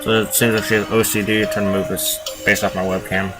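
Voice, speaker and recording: A man's voice: on the low side, level tone, brisk, far from the mic, low-quality recording. A man hosting a gaming video, reading a story game aloud and adding casual, joking comments. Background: game music.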